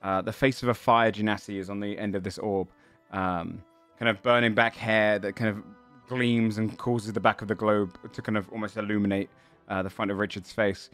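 A man running a tabletop game as game master, describing scenes in a halting way with many fillers. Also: fairly low pitch, level tone, fairly bright tone, soft background music.

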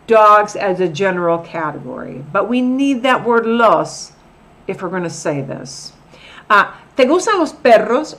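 A middle-aged woman teaching a recorded language lesson, explaining slowly and repeating each example sentence deliberately. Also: mid-range voice, fairly bright tone. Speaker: Spanish teacher.

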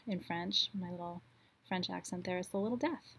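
A woman leads a live online ritual, guiding a meditation slowly and soothingly, her voice growing softer for the affirmations. Her pitch is fairly low and her voice husky.

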